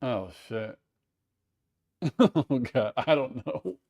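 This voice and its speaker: A man's voice: medium pitch, expressive, extremely slow, vocal fry, a little mellow. A man hosting a casual live watch-along stream, chatting with viewers, reading out their messages and reacting with surprise. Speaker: livestream host.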